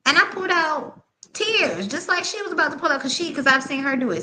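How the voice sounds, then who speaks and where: Bright-voiced animated woman tarot reader. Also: high-pitched, fairly quick, a little hiss or hum. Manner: animated, laughing, slangy and candid. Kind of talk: live tarot reading and storytelling.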